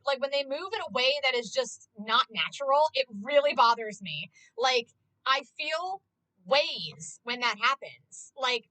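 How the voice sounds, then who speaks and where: A woman's voice: high voice, dry recording, low-quality recording. A woman streamer chatting casually and passionately, ranting with lots of swearing and "like". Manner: excitable, swears a lot, heavy use of "like". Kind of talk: casual live-stream chat.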